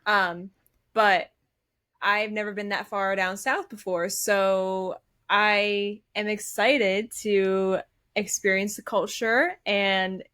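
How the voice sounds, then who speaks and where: A woman's voice: mid-range voice, level tone, takes it slowly, a bit bright, clear, resonant tone, no echo. A woman with a New England accent, a guest in a casual interview, talking chattily with lots of "um" and "like" and frequent giggles. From northeastern US. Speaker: guest cosplayer.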